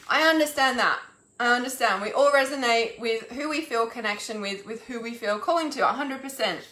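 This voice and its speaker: A woman's voice: a little high, brisk, bright, forceful tone, reverberant. A woman, an intuitive healer, ranting on a live stream, exasperated and swearing, with lots of restarts and "like". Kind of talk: angry live-stream rant.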